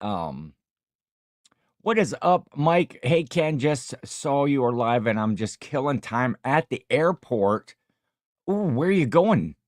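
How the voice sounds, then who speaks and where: A man's voice: medium pitch, very animated, slow pace, no echo, studio quality. A tired middle-aged man hosting a casual livestream, chatting and reading viewer comments in a rambling, jokey way. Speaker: livestream host.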